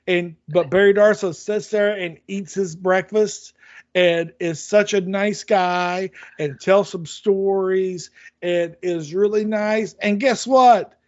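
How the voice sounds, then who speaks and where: A man's voice: sits high, steady tone, slow, a little mellow, dry recording. A man hosting a podcast, chatting casually in a rambling way with many restarts. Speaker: podcast host. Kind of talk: casual chat. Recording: dull dry lo-fi audio.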